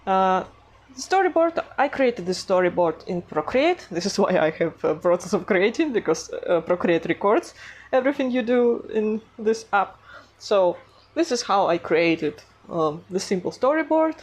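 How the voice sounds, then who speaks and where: A woman's voice: medium pitch, sing-song, moderate pace, darkish tone. A woman with a non-native accent narrating her art vlog in a hesitant, casual way, full of fillers and self-conscious giggles. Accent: non-native English accent. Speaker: animation artist vlogger.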